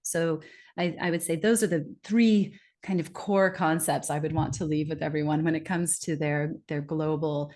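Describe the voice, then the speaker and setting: A middle-aged woman speaking as a guest in a podcast interview, explaining at length and lively, acting out quoted remarks. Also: sits low, normal speed.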